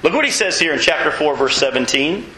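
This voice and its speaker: A male pastor preaches in a fairly high, bright and forceful voice, firing questions at his congregation. He is recorded in an echoey church hall with a faint hum of room ambience. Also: sing-song, fast. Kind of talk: sermon.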